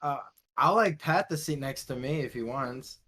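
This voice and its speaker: A man's voice: medium pitch, normal speed, bright, forceful tone, a little hiss or hum. A man taking part as a player in a tabletop game, describing his character's actions casually with hesitant fillers.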